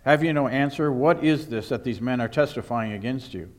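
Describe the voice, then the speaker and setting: A man reading scripture aloud and voicing a stern, indignant high priest who demands answers. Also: fairly quick, lightly acted. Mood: demanding. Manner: demanding, accusing.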